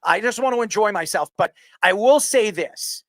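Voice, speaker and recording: A man's voice: high voice, lively intonation, normal speed, fairly bright tone, dry recording, clean studio sound. A man from New York hosting a sports talk show, rambling with blunt opinions and repeated words.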